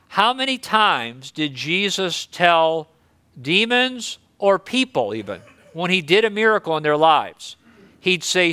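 Bright, clear-voiced male preacher. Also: a little high, dry recording. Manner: conversational, earnest preaching. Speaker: pastor. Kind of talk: sermon.

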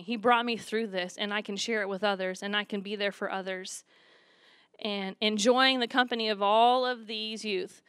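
A woman's voice: mid-range voice, a bit bright, clear, resonant tone, no room sound. A woman sharing a chatty, upbeat testimony about a youth trip at church. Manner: chatty, upbeat, laughs while telling stories. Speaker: youth leader giving testimony.

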